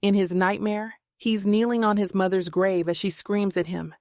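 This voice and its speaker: Gravelly woman reading a thriller. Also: medium pitch, steady tone, normal speed, darkish tone, no echo, clean studio sound. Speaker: audiobook narrator. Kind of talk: scripted thriller narration.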